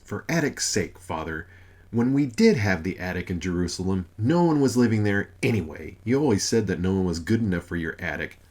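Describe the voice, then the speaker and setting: A man's voice: mid-range voice, very animated, normal speed, a little mellow, breathy edge, voice pushed up. A man voicing an elderly motherly wife who soothes and placates her husband in a mildly condescending way. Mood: cross.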